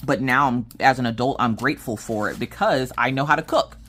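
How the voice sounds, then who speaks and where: A woman's voice: very deep voice, fairly quick, a bit bright, slight background noise. A woman chatting casually while she works on a diamond painting, telling stories with lots of restarts. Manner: chatty storyteller, restarts and laughs often. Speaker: crafting vlogger.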